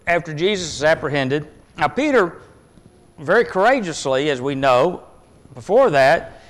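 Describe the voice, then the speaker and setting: A man preaching a sermon in an earnest, emphatic way, swinging between loud stresses and hushed asides. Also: on the high side, big-room sound.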